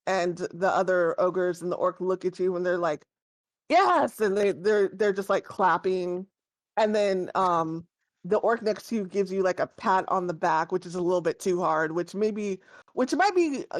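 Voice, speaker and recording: A woman's voice: medium pitch, dry recording. A woman narrating a tabletop game as game master, describing scenes in a rambling way full of fillers.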